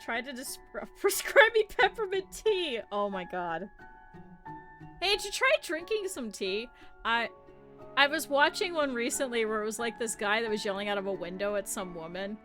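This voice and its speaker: Female game streamer, high and bright tone, chatty and tangent-prone, laughs often. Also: lively intonation, normal speed, faint music behind. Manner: rambling, giggly storytelling on tangents. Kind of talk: casual live gameplay chat.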